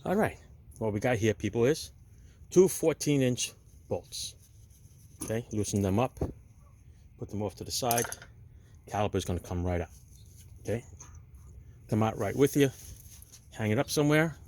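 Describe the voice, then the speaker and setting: Fairly low-pitched and lively in intonation, his voice moves at normal speed with frequent pauses and a slightly mellow quality. He's a DIY car repair host talking viewers through a casual fix at a parked car outside, chatty, addressing them as "people" and blunt with his opinions.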